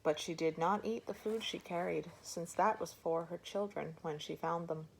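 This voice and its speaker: A woman reading a folk tale aloud for children in a gentle, measured way. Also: fairly low pitch, vocal fry, a little hiss or hum. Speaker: storyteller. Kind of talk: storybook reading.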